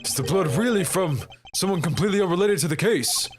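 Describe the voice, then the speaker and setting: A man plays a cool, proud prosecutor who reasons aloud in a measured, deliberate way. His voice sits slightly high in this game fan dub. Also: natural voice. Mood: pensive.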